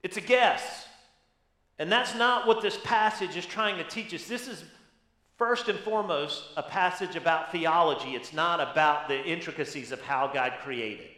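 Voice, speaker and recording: A man's voice: on the high side, animated, moderate pace, sharp tone, echoey room. A man preaching a sermon as pastor, teaching with emphasis and asking rhetorical questions.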